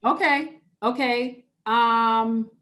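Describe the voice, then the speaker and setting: Speaking very slowly in a steady, slightly high and a bit bright voice, a woman pastor leads an interactive online church webinar by video call. Her delivery is conversational, and she repeats key phrases to stress them.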